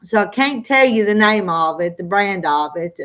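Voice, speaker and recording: A woman's voice: medium pitch, lively intonation, fairly bright tone. A middle-aged woman with a Southern drawl, chatting casually with viewers on a live stream and reading out their comments. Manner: slow drawling, chatty, often laughs. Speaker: farm vlogger answering live chat.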